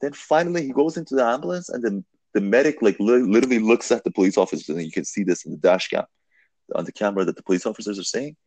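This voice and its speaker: A man telling a long story in a casual podcast conversation, animated and full of fillers, swearing now and then. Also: fairly low pitch, racing, no room sound.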